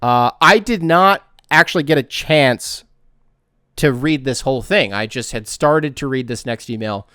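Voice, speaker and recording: A man's voice: mid-range voice, measured pace, pushed and bright, clean tone, no room sound, clean studio sound. A man from the United States hosting a casual solo podcast, rambling and correcting himself as he talks. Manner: rambling, self-correcting, conversational. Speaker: podcast host.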